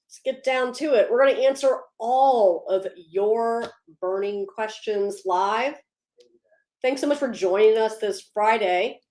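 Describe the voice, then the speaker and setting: A woman's voice: a little high, unhurried, darkish tone, reverberant. A woman hosting a casual livestream, upbeat, greeting viewers by name and laughing easily between policy updates. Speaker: livestream host.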